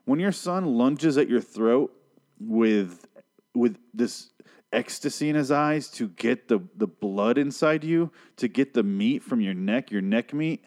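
A man's voice: mid-range voice, animated, a little slow, darkish tone. A man hosting a podcast, recapping a TV show in a rambling, sarcastic, profane solo rant.

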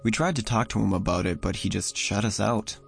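Deep-ish gravelly guy reading a creepy story, calm and somber. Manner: measured, somber. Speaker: narrator. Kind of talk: first-person horror story narration. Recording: voice over soft music.

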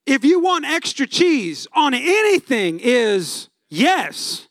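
A man's voice: very high voice, sing-song, slow, few pauses, fairly bright tone, dry recording, clean studio sound. A man, preaching a sermon in a chatty storytelling manner, asking the crowd questions. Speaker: pastor.

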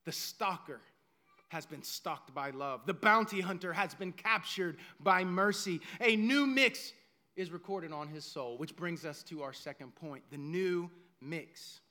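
A male pastor preaching a sermon dramatically and emphatically, dropping to hushed lines and then rising to loud ones. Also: on the high side, unhurried.

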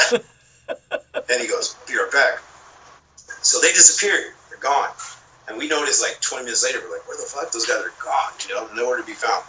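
Bright-voiced rambling storyteller, a man. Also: medium pitch, lively intonation, normal speed, recorded from a distance, slight background noise, low-quality recording. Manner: rambling, swearing, laughing storyteller. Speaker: podcast guest. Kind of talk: casual storytelling.

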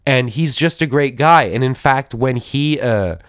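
A man's voice: mid-range voice, measured pace, a bit bright, no room sound, clean studio sound. A man hosting a podcast, reviewing a movie in a wry, rambling way with lots of restarts and repeated words. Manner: wry, mock-admiring tone. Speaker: podcast host. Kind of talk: casual movie review talk.

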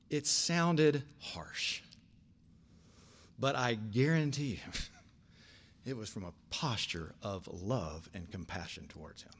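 An older man preaching a sermon, telling stories with big swings from quiet asides to shouted lines. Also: lowish voice, slow pace, long pauses, slightly rough. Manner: animated storytelling, swings from soft asides to shouting. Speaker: pastor.

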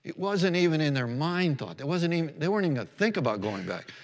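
A man's voice: fairly high pitch, very animated, fast, in a large hall. A man pastor preaching a sermon in an earnest, unpolished way, reading verses aloud and correcting himself as he goes. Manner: earnest, restarts and self-corrections, reads scripture aloud.

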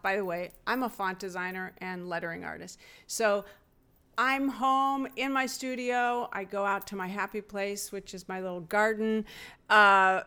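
A woman's voice: medium pitch, sharp tone, clean tone. A woman in a casual conversation, chatty and upbeat, telling easygoing stories about her work life.

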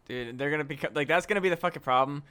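Bright-voiced, excitable young male host. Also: a little high, very fast, smooth. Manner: profane, excitable, laughs often. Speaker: podcast co-host. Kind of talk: casual comedic chat.

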